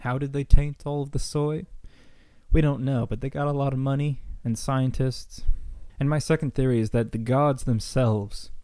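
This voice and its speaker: Deadpan young man with a mellow voice. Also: medium pitch, moderate pace, smooth, no room sound. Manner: deadpan, mock-serious conspiracy rambling. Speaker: comedy vlogger. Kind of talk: comedic storytelling monologue.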